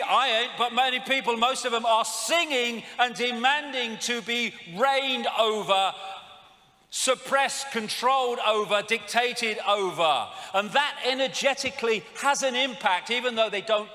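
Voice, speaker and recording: A man lectures from a stage in a high, bright, cutting voice. He rants and mocks, swearing freely as he goes. His voice rings through a long hall reverb, with a faint crowd behind him. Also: measured pace. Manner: ranting, sarcastic, swears often. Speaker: public speaker.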